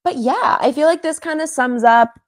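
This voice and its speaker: A woman's voice: high-pitched, normal speed, dry recording. Chatty young woman podcast co-host. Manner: chatty, giggly, lots of fillers. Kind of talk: casual chat.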